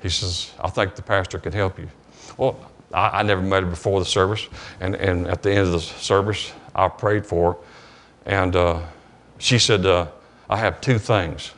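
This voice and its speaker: A man's voice: sits low, fairly even intonation, fairly bright tone. A man with a Southern US accent preaching a sermon in church, telling a story with many restarts and repeated words. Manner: halting, repeats words, retells dialogue. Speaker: pastor. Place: church sanctuary.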